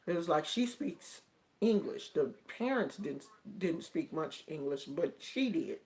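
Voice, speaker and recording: A woman's voice: deep voice, expressive, darkish tone. A woman from the United States telling a personal story on her vlog in a casual, colloquial way. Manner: slow, drawn-out and colloquial, with many fillers.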